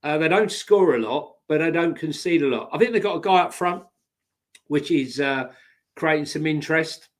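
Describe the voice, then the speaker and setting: A man co-hosting a football podcast, talking through his views in a measured way with fillers. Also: on the high side. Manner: measured, thinking aloud with fillers. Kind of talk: casual chat.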